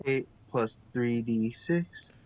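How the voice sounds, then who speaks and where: A man's voice: medium pitch, takes it slowly, darkish tone, rough recording. A man playing a tabletop game, giving easygoing replies. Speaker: player. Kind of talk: casual tabletop play.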